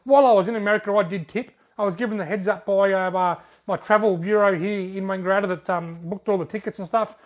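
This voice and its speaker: A man's voice: high-pitched, steady tone, fast, hardly any pauses. Laughing Australian man reading comments. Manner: jokey, laughs often, drawls words out. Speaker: fishing channel host. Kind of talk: casual chat reading out comments.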